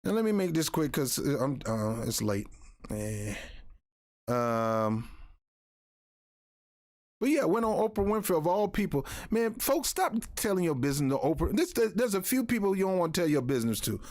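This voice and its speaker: A man's voice: a little high, sing-song, normal speed, no echo, studio quality. A middle-aged man with a New York accent giving blunt, rambling commentary on a vlog, often repeating himself. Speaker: YouTube commentator.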